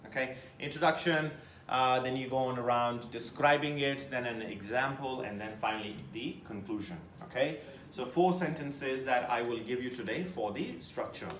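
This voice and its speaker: A man teaching a test-prep class, lecturing with lively emphasis and putting questions to his students. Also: mid-range voice, normal speed, echoey room, slight background noise.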